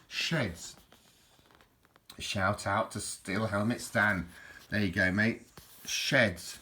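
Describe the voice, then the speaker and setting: A deep-voiced man flips through an old manual and chats away. He rambles from one thought to the next and keeps stopping to restart. The recording carries a clear layer of background noise. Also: slow, pauses often, sharp tone. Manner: rambling, chatty, lots of restarts. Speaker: book reviewer. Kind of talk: casual chat. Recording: noisy home recording.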